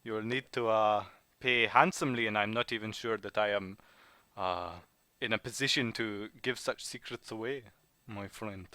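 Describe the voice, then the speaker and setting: A man voicing a rotund middle-aged French information dealer with a put-on French accent, slow and theatrical. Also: on the low side, bright, forceful tone, no room sound. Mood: cagey. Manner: slow, theatrical, mustache-twirling.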